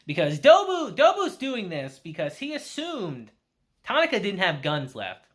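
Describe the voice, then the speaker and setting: Animated man recapping an episode. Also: high voice, unhurried. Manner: animated storytelling with acted-out quotes. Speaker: anime reviewer.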